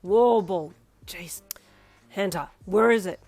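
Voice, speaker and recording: A woman's voice: mid-range voice, slow, darkish tone, faint music behind. Woman reading as a blunt, irritated young dad. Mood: angry. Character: young father, volleyball captain, short-tempered.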